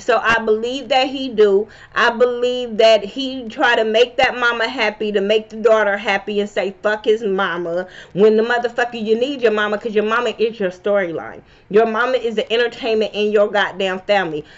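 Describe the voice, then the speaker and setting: A woman, reviewing reality TV in a blunt, profane, animated rant. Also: on the high side. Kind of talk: casual opinion vlog. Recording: slightly dull lo-fi sound.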